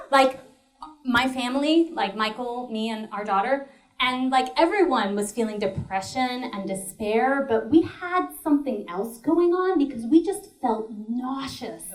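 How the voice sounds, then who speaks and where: A woman telling a comic story in a solo show, with a high voice that swoops all over. She laughs her way through the lines and cuts in with dry, deadpan remarks. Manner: animated, laughing, with dry asides. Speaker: comedian and storyteller.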